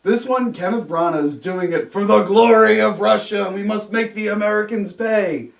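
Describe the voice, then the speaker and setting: A young man hosting a casual movie review chat, sarcastic and animated, swearing freely. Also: high voice, normal speed, vocal fry, distant mic. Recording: roomy sound from off-mic.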